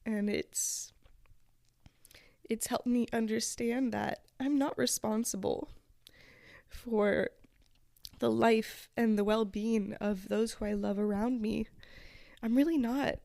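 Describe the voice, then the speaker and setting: A woman hosting a podcast, telling a personal story in a slow, reflective and emotional way, at times close to tears. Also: on the high side, fairly even intonation, creaky, warm tone, no room sound. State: tearful. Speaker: podcast host.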